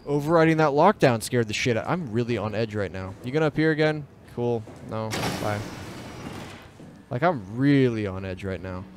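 In this let's play, a young man narrates his own gameplay in a medium-pitched, lively voice at a moderate pace, with background noise behind him. He's jumpy and nervous, swearing and talking to the characters on screen.

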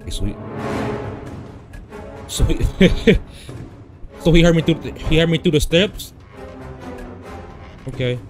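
A young man playing a horror game and commenting, often yelling and swearing at the game. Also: on the high side, slow pace, pauses often, faint music behind. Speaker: gaming streamer. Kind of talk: gameplay commentary.

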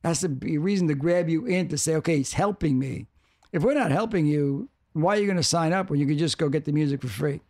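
A man's voice: a little high, fast, hardly any pauses, darkish tone, no room sound, clean studio sound. An older man talking as a podcast guest, rambling, restarting and repeating for emphasis. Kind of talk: casual interview talk.

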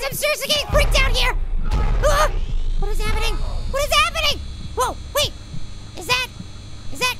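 A pint-sized, excitable male cartoon apple chatters through a horror game in a pitched-up, very high voice with a gravelly edge. He yelps and repeats himself when scared, and loud game music plays underneath. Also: full character voice. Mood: panicked. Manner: excitable, loud panicked shrieks and repeated words. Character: tiny male apple, cheerful and jumpy. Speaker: gameplay commentator. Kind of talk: horror game let's play commentary.

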